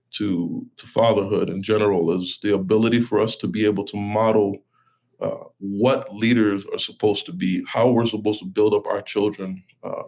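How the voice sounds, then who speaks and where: A man in his thirties with a low, gravelly voice that sits on a husky fry. He talks in a halting, reflective way as an interview guest, restarting sentences and correcting himself as he goes. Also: darkish tone. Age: 30s.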